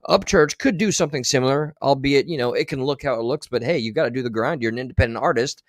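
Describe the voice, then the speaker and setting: Fast-talking and mid-range, a male streamer delivers profane, blunt, sarcastic commentary over clips he plays on a livestream. The audio has no echo.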